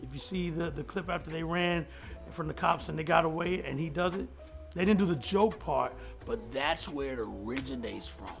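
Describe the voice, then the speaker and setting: A middle-aged man with a slightly raised pitch and a gravelly, fry-laced tone tells an old studio story. He slips into a higher voice for quoted lines and laughs between them. Faint music runs underneath. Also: moderate pace. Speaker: hip-hop producer telling a studio story. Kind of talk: animated storytelling in an interview clip.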